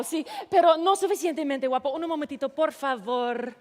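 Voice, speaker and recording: A woman's voice: sits high, moderate pace, hardly any pauses, in a large hall. A woman on stage with a mock Spanish accent, theatrically coaxing an audience volunteer and sprinkling in Spanish words. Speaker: comedian directing an audience volunteer. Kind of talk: live comedy stage act.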